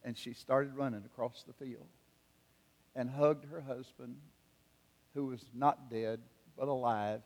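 An older man preaches with earnest, measured pacing and frequent pauses. His mid-pitched voice carries a long reverb from a large hall. He tells stories in the slow, deliberate cadence of a pastor. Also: a little mellow. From South Carolina. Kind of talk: sermon with storytelling.

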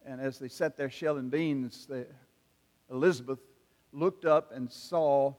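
An older man from South Carolina, preaching a sermon and telling a story in an earnest, measured way with pauses and hesitations. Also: medium pitch, a little mellow. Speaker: pastor. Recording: long reverb of a large hall.

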